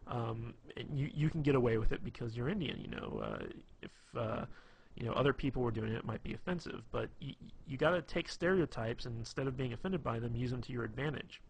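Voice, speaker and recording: A man's voice: medium pitch, animated, fairly quick, vocal fry, a little mellow, a little hiss or hum. A man giving casual, rambling advice on being funny, full of fillers and restarts. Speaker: dating advice presenter. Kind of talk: casual instructional talk.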